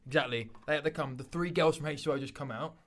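A man pitching a business idea in casual podcast chat, animated and laughing, acting out scenes as he talks. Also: quick pace.

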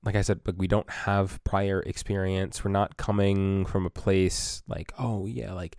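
Deep-voiced man rambling casually. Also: monotone, unhurried, darkish tone, smooth, dry recording, studio quality. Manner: rambling, filler-heavy, supportive. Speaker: podcast co-host. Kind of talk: casual chat.

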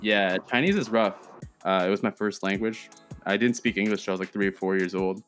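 A relaxed American man with a lowish voice chats casually as a podcast co-host over a call. He laughs easily and stumbles over the first words of a thought. Faint music sits underneath. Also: a little fast. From United States. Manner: relaxed, laughs often, repeats words when starting. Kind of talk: casual chat. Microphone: remote call.

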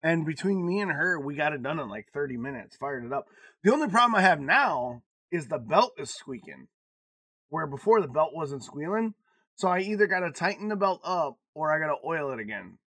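On the high side and a little fast, this podcast co-host's voice comes through a dry recording. He's animated as he tells stories in casual banter, cursing, laughing often and shifting sharply between loud and quiet.

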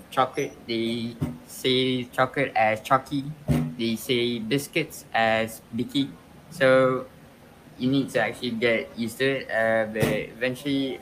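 A man's voice: medium pitch, fairly bright tone, slight background noise, low-quality recording. A young man speaking as a podcast guest, answering questions with frequent fillers and restarts. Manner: hesitant, many "uh" fillers and restarts. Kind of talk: casual interview answers.

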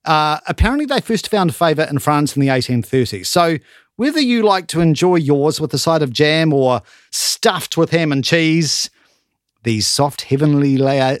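A man's voice: on the high side, no echo, studio quality. A New man chatting casually as a co-host, laughing often. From New Zealand. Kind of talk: casual chat.

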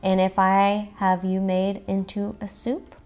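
A woman voicing a cranky, bullying old male mayor in a storybook read-aloud, gruff and snapping. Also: medium pitch, completely flat delivery, measured pace, darkish tone, close to an everyday voice. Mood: thundering.

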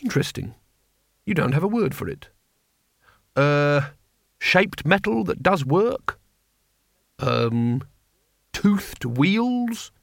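A man's voice: a little high, big pitch swings, slow, vocal fry, pauses often, dry recording, studio quality, voice pushed up, full character voice. A man doing a nervous pedantic teacher. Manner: hesitant, correcting, apologetic.

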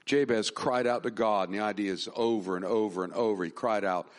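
A man's voice: lowish voice, fairly even intonation, brisk. A middle-aged man preaching a sermon as pastor, talking in a conversational, folksy way, with restarts and rising emphasis.

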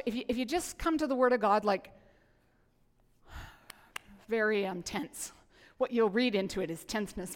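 A woman pastor preaching a sermon in an animated, playful way, often restarting her sentences. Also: fairly high pitch, in a large hall.

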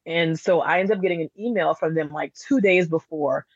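A woman's voice: low-pitched, fairly quick, breathy edge, no echo. Chatty woman telling a story, dull dry recording. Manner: animated, chatty storyteller with many fillers. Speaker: candle business owner, podcast guest. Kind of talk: casual podcast interview storytelling.

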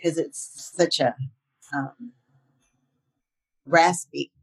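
Chatty older woman guest, husky voice, easy laughs, lots of ums. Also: sits low, steady tone, extremely slow. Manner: chatty, laughs often, many fillers. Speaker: voice actor guest. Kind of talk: casual interview chat.

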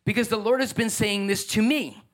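A man with a high, bright-pitched voice preaches a sermon into a church microphone. He is passionate and fervent, pressing his congregation with rapid rhetorical questions and loosening things up with offhand humor. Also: steady tone. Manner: casual asides and humor. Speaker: pastor.

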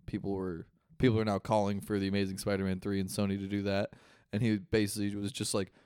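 A young man talks in a loose, casual way, swearing often and padding his sentences with fillers. His voice sits a little low, and the recording is dry and close. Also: monotone, fast talker, darkish tone, clear, resonant tone, no room sound. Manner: loose, profane, full of fillers. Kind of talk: casual chat.

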